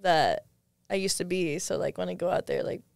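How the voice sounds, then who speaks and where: Creaky, smooth-voiced young woman storyteller. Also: lowish voice, normal speed, a little mellow, no echo, clean studio sound. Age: young adult. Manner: rambling, peppered with "like" and restarts. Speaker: podcast guest. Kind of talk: casual storytelling chat.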